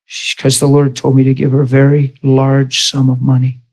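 A man's voice: mid-range voice, completely flat delivery, normal speed, poor audio. Male preacher telling a story. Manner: storytelling, acts out dialogue with shifts in loudness. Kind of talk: sermon.

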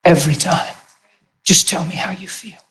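A man voicing a gentle, loving male spirit who speaks in a soft, comforting tone. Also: high-pitched, steady tone, moderate pace. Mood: tender.

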